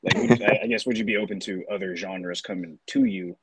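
A man's voice: lowish voice, big pitch swings, quick pace, creaky, crowd noise, low-quality recording. A man co-hosting a podcast, asking long rambling questions full of fillers and restarts. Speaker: podcast co-host. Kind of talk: casual chat.

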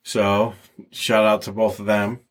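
A man's voice: lowish voice, unhurried, very noisy. A man hosting a casual podcast, laid back, steering the talk to upcoming episodes. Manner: relaxed, steering the show. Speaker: podcast host. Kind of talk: casual chat.

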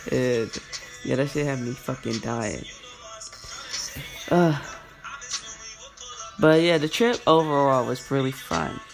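A young woman hosting a casual podcast, rambling through a story with heavy slang and swearing while she acts out what people said. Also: low voice. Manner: rambling, profane and slangy, acting out quotes. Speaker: podcast host.

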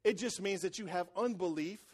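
Delivering a sermon in church, a male pastor repeats phrases to stress them, alternating quiet, intense sections with loud, excited ones. He speaks a little fast in a high voice.

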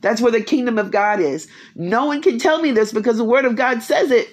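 In a quiet home, a faith speaker in her 50s gives a spiritual encouragement talk, emphatic and repetitive and packed with rhetorical questions. Her voice is a little high and darkish in tone, with lively intonation and a fairly quick pace.

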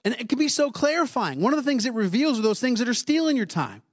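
A man's voice: very high-pitched, big pitch swings, fast. A man, preaching a sermon in a conversational way, often putting questions to the congregation. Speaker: pastor.

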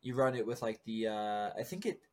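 A man in an easygoing podcast chat, working through game strategy out loud. He rambles and trails off often, dropping in fillers and restarts. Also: lowish voice, fairly quick. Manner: relaxed, rambling, full of fillers. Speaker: podcast co-host. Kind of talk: casual chat about competitive game strategy.

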